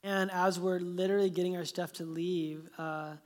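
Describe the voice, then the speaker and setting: A man preaching a sermon, telling a story in a lively way that sinks into soft, hushed passages. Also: sits high, moderate pace. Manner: animated storytelling, dropping to soft hushed tones. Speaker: pastor.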